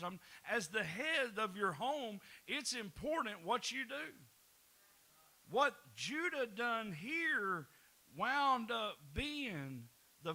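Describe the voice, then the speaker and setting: High, lively preacher man. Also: creaky, poor audio. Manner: folksy preaching with laughs and repeated words. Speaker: pastor. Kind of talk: sermon.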